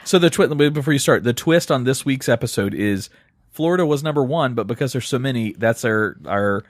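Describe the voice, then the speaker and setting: A man co-hosting a podcast, throwing in quick jokes and teasing remarks in banter. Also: medium pitch, lively intonation, no echo, studio quality. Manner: quick wisecracks and silly put-on voices. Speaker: podcast co-host. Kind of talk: joking banter.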